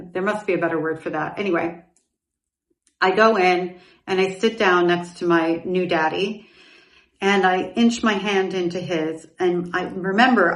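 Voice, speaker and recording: A woman's voice: on the low side, echoey room, distant mic. A middle-aged woman hosting a podcast, telling a personal story in a candid, reflective way with asides and self-corrections. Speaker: podcast host.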